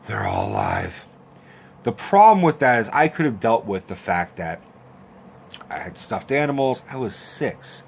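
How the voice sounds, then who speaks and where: A young man telling a story in a casual, animated, profane rant, acting out quotes with squeaky voices. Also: a little hiss or hum. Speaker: host of a horror film rant channel.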